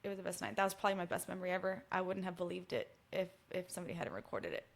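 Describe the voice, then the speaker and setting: A woman, chatting casually as a musician guest and telling a story with lively acted-out dialogue. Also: fairly low pitch, very fast, gravelly. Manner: animated storytelling, acts out quoted dialogue. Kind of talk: casual chat.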